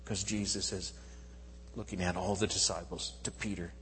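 A male pastor preaching a sermon in a church, telling the story with animated swings from loud to hushed. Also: deep voice, moderate pace, in a large hall, slight background noise, poor audio.

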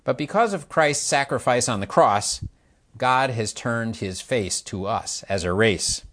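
An older man preaching a sermon, explaining slowly and asking the listeners questions as he illustrates with his hands. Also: mid-range voice, animated, fairly bright tone.

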